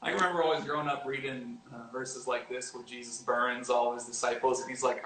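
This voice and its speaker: A man giving a casual devotional talk as a youth pastor, animated and often acting out quoted lines. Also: moderate pace, hardly any pauses, a little hiss or hum. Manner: animated, acts out quoted lines with rising pitch. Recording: roomy echo with faint ambience.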